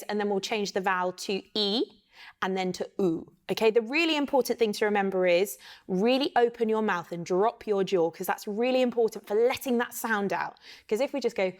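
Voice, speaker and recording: An English woman teaching children a singing warm-up online, counting along and encouraging them. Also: mid-range voice.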